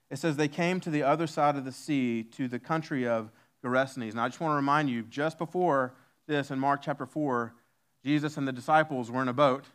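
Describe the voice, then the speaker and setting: A male pastor preaching a sermon, reading scripture aloud and slowing down to stress key lines. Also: mid-range voice, a bit bright, smooth. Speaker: lead pastor.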